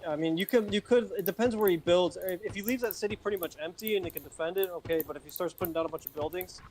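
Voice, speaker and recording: A man co-commentating a strategy game match in a relaxed, agreeable way with loose phrasing. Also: sits high, fast, a little hiss or hum. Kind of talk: esports commentary.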